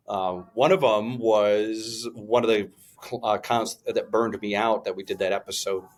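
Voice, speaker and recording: A man's voice: on the low side, fairly even intonation, moderate pace. A man co-hosting a podcast, sharing his business experience in a reflective, rambling way. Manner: reflective, rambling, many fillers and restarts. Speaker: podcast co-host and business owner. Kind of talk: casual podcast conversation.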